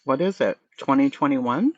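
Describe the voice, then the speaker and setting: A man's voice: medium pitch, lively intonation, normal speed, dry recording, highs cut off. A man with a Boston accent hosting a casual livestream chat, blunt and profane, answering his chat. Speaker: livestream host.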